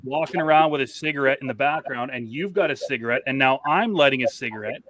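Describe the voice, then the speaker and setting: A guest from British Columbia, Canada, calls in to a casual chat, swearing constantly and telling loose stories. He talks fast in a mid-range, slightly bright voice with no room sound.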